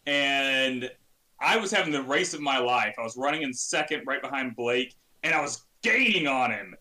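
Bright-voiced stammering man, casual chat. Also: medium pitch, normal speed. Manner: rambling, stammers and restarts when excited. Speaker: sim racing podcast guest. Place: home sim racing setup.

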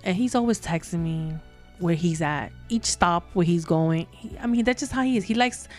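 A woman's voice: on the low side, moderate pace, soft background music. A woman with a New York accent co-hosting a casual chat, telling personal stories and acting out the people in them. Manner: animated storyteller, acts out quoted voices. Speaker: co-host.

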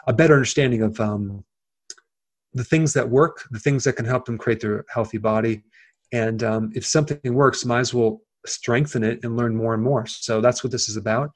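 A man as an interview guest, explaining things plainly, with frequent fillers and restarts. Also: medium pitch. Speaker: guest, health video creator. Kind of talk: casual interview talk.

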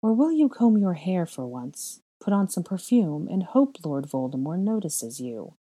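A woman's voice: on the low side, measured pace, breathy edge, exaggerated voice. A woman voicing a cold, cutting young wizard. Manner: even, cold, sneering.

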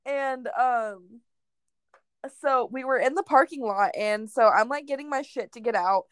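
A woman's voice: a little high, brisk, a bit bright, dry recording. A young woman telling a crude personal story in casual chat, swearing freely and laughing often.

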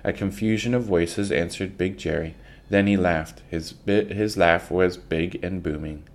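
A man reads a children's book aloud in a very deep voice. He takes his time, going slowly and plainly, and sometimes stumbles and restarts a word. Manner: unhurried reading with small slips and restarts.

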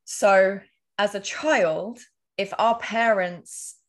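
A woman's voice: medium pitch, very slow. Earnest woman explaining with examples. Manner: casual swearing. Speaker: podcast guest. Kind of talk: casual interview talk.

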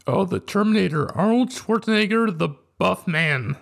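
A man's voice: sits high, lively intonation, moderate pace, creaky, very noisy. A man co-hosting a podcast, chatting casually and hesitantly about movies. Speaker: podcast co-host. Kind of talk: casual chat.

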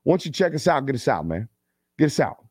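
A man in his thirties hosts a live football stream, talking in a loose, slangy storytelling way. His pitch is mid-range, and the close mic gives a dry sound with little room. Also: very animated, a little fast, a little mellow, slightly rough, dry recording. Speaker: host of a live football show. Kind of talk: casual live-stream chat.

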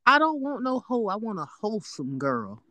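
A woman's voice: mid-range voice, very animated, normal speed, bright, forceful tone, dry recording. A woman who is a podcast guest, throwing in dry, joking remarks in a casual chat.

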